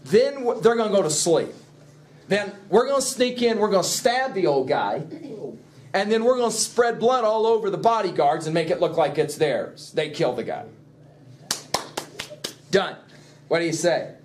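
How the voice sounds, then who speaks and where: A middle-aged male teacher with a rather high voice lectures a class in an animated, emphatic way and breaks into chuckling asides. A faint hum of noise sits under his voice. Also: normal speed, pauses often. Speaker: literature teacher.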